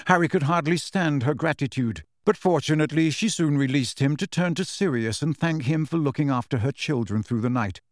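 A man narrates an audiobook in a measured, even way. His voice sits somewhat high for a man, and the recording is close and dry with no room sound. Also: dry recording.

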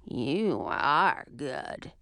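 Woman doing a gravelly old witch. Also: sing-song, fairly bright tone, no echo, heavily acted. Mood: gruff. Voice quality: rough, gravelly. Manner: slow, growling, low. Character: grouchy, spiteful old female witch. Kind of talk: audiobook character voice.

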